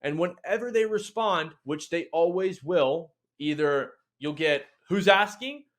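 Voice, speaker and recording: A man giving a sales training lesson in a blunt, casual, energetic way, with mild swearing. He acts out phone lines with a bright, rising tone. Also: fairly high pitch, measured pace. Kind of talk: instructional video talk.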